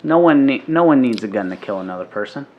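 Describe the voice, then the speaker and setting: A man's voice: mid-range voice, expressive, fast talker, muffled recording. A man co-hosting a podcast in casual chat, talking emphatically, repeating his points and swearing often. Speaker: podcast co-host.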